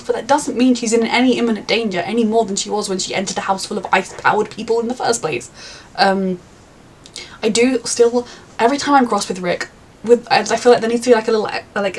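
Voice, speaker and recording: Chatty husky-voiced woman reviewer. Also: mid-range voice, steady tone, quick pace. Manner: chatty and rambling, frequent fillers. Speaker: TV reaction reviewer. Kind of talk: casual reaction review.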